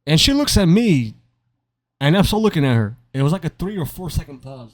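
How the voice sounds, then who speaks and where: A young man chats his way through a long personal story while commenting on gameplay, tripping over his words and poking fun at himself. His voice sits a little high for a man, and the sound is dry and close, with no room around it. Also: sing-song, a little fast, no room sound. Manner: rambling, stammering, self-mocking. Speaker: gaming commentator.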